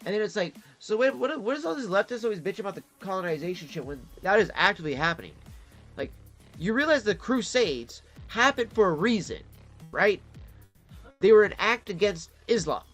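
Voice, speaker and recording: A man's voice: high-pitched, big pitch swings, a little fast, a bit bright, faint music behind. A man from Detroit in a casual storytelling monologue, swearing freely and acting out the voices of the people he quotes. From Detroit, Michigan. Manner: profane, acts out quoted voices. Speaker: vlogger.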